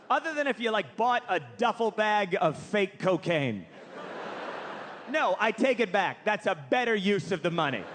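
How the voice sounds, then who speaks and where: A man performing a self-mocking stand-up comedy routine before a live audience, building to shouted punchlines. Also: high-pitched. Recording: noisy live stage recording.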